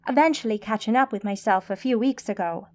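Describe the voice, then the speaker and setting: A woman's voice: a little high, fairly quick, natural voice. A woman voicing a composed ancient mage. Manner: calm, formal, patient. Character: calm, composed centuries-old woman mage.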